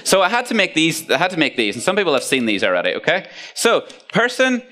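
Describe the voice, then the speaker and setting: A man's voice: fairly high pitch, fast. A man giving a casual, joking talk to a youth group, with asides to the audience. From Ireland. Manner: playful, jokey, lively storytelling with asides to the audience.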